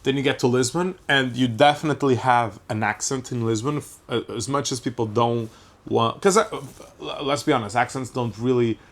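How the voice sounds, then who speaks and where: A man from Portugal talks through a loose comedic podcast monologue at a middling pitch. He rambles, breaks off his own sentences and restarts them, and swears in passing. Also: moderate pace. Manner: rambling, self-interrupting, swears casually. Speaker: podcast host.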